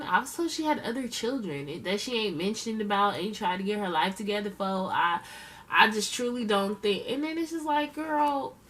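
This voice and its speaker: A woman's voice: medium pitch, fairly bright tone, far from the mic. A woman giving blunt, slangy, profane casual commentary as a reality show reviewer, talking straight to her viewers. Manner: chatty, addresses viewers directly.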